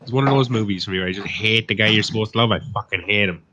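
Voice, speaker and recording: Fast-talking, low-voiced swearing man. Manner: swears freely, blunt opinions. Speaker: panel chat host. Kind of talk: casual live panel chat. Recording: dull lo-fi audio with faint noise.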